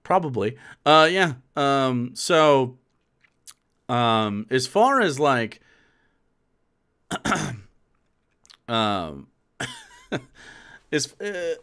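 A man's voice: medium pitch, very animated, very slow, long pauses, fairly bright tone, clean tone. A man in his thirties streaming live, commenting casually on a video and rambling in an incredulous way with many fillers and restarts.

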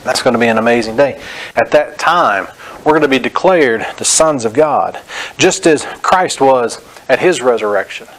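A man preaching a Bible-teaching sermon, reading scripture slowly and stressing each phrase, then correcting common beliefs in a direct, plain way. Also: medium pitch, animated, fairly bright tone, poor audio. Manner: direct, corrective, frequent "notice". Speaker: pastor.

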